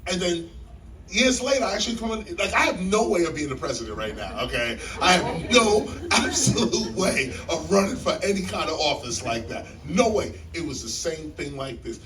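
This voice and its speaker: A man telling a story to a live audience in a library hall, animated and emphatic like a preacher, repeating key lines and jumping in pitch. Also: normal speed, recorded from a distance, a crowd in the background. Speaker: guest speaker on stage.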